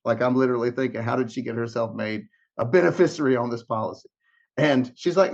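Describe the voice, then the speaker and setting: A medium-pitched, creaky male voice comes through quickly over dull audio. The podcast guest tells an emotional story with acted-out dialogue, frequently repeating himself and restarting words.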